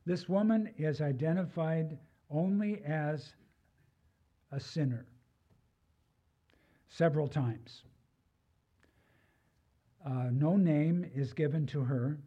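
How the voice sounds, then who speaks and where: A man's voice: on the high side, takes it slowly, pauses often, mellow, husky, muffled recording. An older man preaching a sermon in a conversational way, with personal asides. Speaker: pastor.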